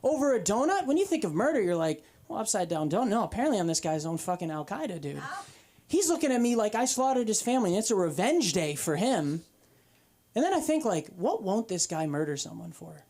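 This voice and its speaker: Stand-up woman, twenties, crude and animated, with a voice that swoops all over. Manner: profane, animated storytelling with quick pitch jumps. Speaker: stand-up comic. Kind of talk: open-mic stand-up set. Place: comedy club stage.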